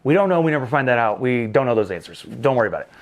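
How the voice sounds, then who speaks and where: Lively joking male movie-review host. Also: medium pitch, very fast, a little hiss or hum. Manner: animated, joking, acts out movie lines in funny voices. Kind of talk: casual recap and commentary.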